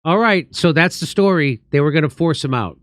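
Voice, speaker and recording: A man's voice: a little high, animated, fairly quick, dry recording, clean studio sound. A man hosting a show, giving blunt, sarcastic political commentary. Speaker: show host.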